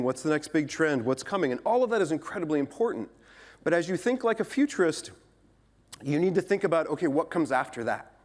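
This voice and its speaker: Animated man giving a conference talk. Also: a little high. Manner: animated, conversational, playful asides to the audience. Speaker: futurist speaker. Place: conference stage before a live audience.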